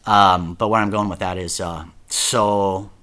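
A man's voice: low-pitched, steady tone, a little slow, sharp tone. A man casually telling his own story, swearing a lot, repeating himself and saying "dude" often. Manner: profane, rambling, repeats words and says "dude" often.

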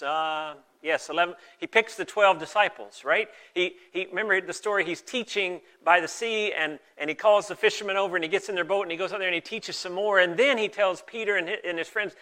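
A man preaching to his congregation in an easy, conversational way, with folksy asides. His voice sits a little high and sounds bright and forward. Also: fairly quick. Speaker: pastor. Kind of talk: sermon with scripture reading.

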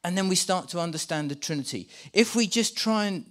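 A man preaching a sermon in church, animated and full of restarts as he directs volunteers acting out a scene for the congregation. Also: high voice, a little fast. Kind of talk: sermon with live volunteer re-enactment.

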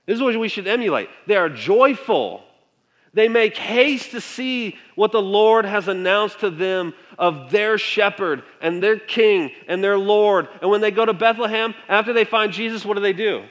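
A man delivers a sermon with a conversational touch, often asking his listeners questions. His voice sits high. The sound rings with the long reverb of a large hall. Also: fairly bright tone. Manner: conversational, asks the congregation frequent questions. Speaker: pastor.

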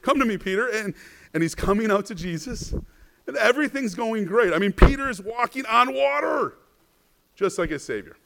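High-voiced male pastor preaching a sermon. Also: lively intonation, moderate pace, vocal fry. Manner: rhetorical questions, frequent "right?", stammered repeats; swings between soft, hushed passages and louder bursts.

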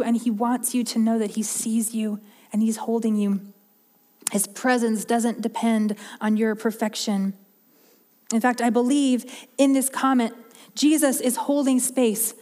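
Earnest woman preaching, slightly high voice. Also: mellow, long reverb tail. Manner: earnest, heartfelt, often restarts and repeats words. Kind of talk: sermon.

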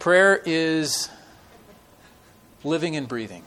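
A man preaching a sermon with stories to a church congregation, talking in a conversational way with many fillers and dramatic pauses. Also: a little high, animated, sharp tone. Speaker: guest preacher.

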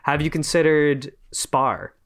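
A man from Montreal hosting a casual conversation, animated and jokey, swearing casually. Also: on the high side, slow pace. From Montreal, Canada. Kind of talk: casual chat.

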